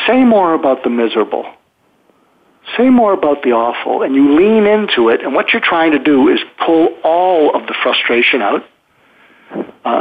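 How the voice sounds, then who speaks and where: A man hosting a podcast, explaining communication techniques in a thoughtful way and acting out example phrases. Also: medium pitch. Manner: thoughtful, frequent restarts, acts out example phrases. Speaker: podcast host, psychiatrist. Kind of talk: conversational advice talk. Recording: phone-line sound.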